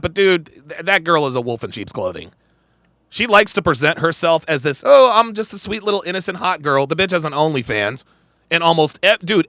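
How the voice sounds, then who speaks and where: A man's voice: on the high side, bright, forceful tone, dry recording, studio quality. A man hosting a podcast livestream, ranting bluntly and crudely while reacting to clips and chat. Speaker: podcast host. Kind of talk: livestream commentary.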